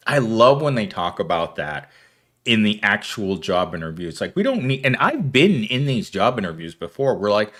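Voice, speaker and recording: Man in his thirties, casual stream host, rambling, animated pitch, reads chat aloud. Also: normal speed. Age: 30s. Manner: rambling, laughs often, reads comments aloud. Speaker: livestream host reading viewer chat.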